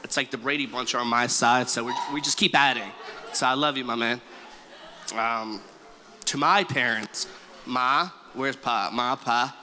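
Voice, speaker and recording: A man's voice: mid-range voice, measured pace, pushed and bright. A man in his twenties giving an exuberant, stumbling wedding thank-you speech as the groom in a reception hall. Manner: exuberant, stumbling, calls out to the room. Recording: echoey hall with faint ambience.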